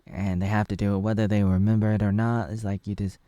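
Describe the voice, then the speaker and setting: A man's voice: fairly low pitch, level tone, fast, mellow, no room sound, clean studio sound. An American man in his thirties rambling through a spoiler recap of a TV episode, with many asides and fillers. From United States. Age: 30s. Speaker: video reviewer.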